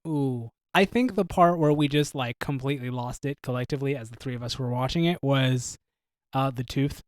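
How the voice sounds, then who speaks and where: A man's voice: medium pitch, normal speed, no room sound, studio quality. A man co-hosting a casual movie review podcast, enthusiastic and slangy. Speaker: podcast co-host.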